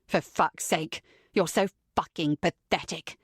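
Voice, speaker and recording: A woman's voice: low-pitched, unhurried, slightly rough, no echo, studio quality, pitched below the performer's own voice. A woman voicing a sneering cruel young man. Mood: menacing. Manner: contemptuous, taunting, foul-mouthed. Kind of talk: audiobook character reading.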